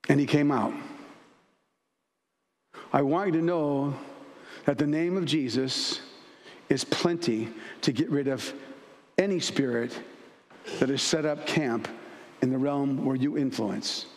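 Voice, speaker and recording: Emphatic high-voiced male pastor. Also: measured pace. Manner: emphatic, storytelling with acted asides. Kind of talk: sermon. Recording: echoey church hall.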